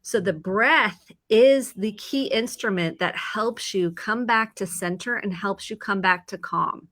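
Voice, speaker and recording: A woman therapist with a Midwestern American accent, calmly explaining and acting out inner thoughts in a casual video chat. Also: mid-range voice. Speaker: therapist guest. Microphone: video call.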